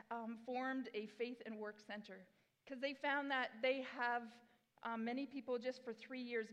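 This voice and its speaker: A woman in her forties giving a sermon as pastor, chatty and self-deprecating, with bursts of enthusiasm. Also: on the high side. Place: church sanctuary. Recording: long hall reverb in a church.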